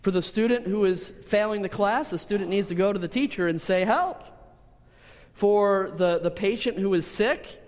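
A man preaching a sermon, telling a personal story with lively repetitions and restarts. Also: sits high, moderate pace, hardly any pauses. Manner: storytelling, animated, with repeated words and restarts. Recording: long hall reverb.

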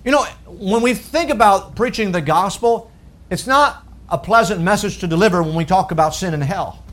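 A man preaching a sermon, emphatic, asking rhetorical questions and slowing down on key phrases. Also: high-pitched, a bit bright.

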